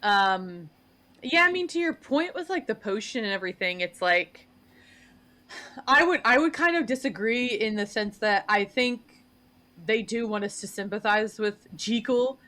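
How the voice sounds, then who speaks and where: A woman's voice: a little high, animated, a little slow, pushed and bright. Woman hosting, hedging with fillers. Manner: hesitant, thinking aloud with many fillers. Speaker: podcast host. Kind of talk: casual podcast chat.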